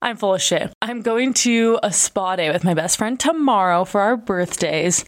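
A woman's voice: medium pitch, animated, normal speed. A woman in her twenties who sounds congested and nasal from a broken nose, chatting candidly and casually as a podcast host, with plenty of fillers and swearing. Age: 20s. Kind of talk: casual chat.

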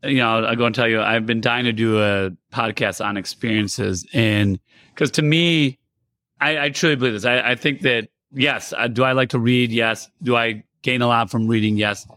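A man's voice: medium pitch, fairly even intonation, normal speed, pushed and bright, no echo. A man from the United States hosting a podcast, talking in a loose, rambling way with many fillers. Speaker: podcast host. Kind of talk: casual podcast interview.

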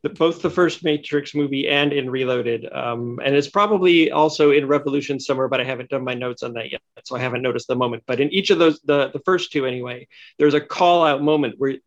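A man's voice: mid-range voice, fairly quick. Man explaining at length, muffled audio. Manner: thoughtful, long-winded explaining with fillers. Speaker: podcast guest. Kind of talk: casual podcast discussion. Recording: lo-fi muffled sound.

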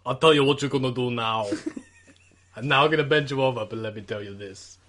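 A man doing an impression of a menacing muscleman, quoting a line from a comedy film in a low, slow voice. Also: a bit bright, natural voice.

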